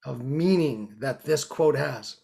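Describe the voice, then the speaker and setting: Gravelly-voiced man hosting an interview. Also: medium pitch, slow, mellow. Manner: earnest, reflective, many restarts. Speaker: podcast host. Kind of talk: casual interview chat. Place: New York.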